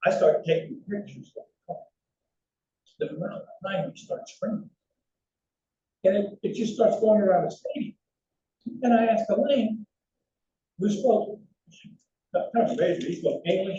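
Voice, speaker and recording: Speaking at a moderate pace with long pauses, this older man has a high voice. He tells lively anecdotes over slides, often starting sentences again, captured in a roomy, distant, dull hall.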